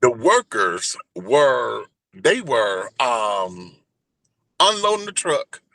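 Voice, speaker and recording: Animated, profane storytelling man. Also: medium pitch, very slow, gravelly, dry recording. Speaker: guest, entertainer and radio host. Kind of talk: storytelling in casual interview.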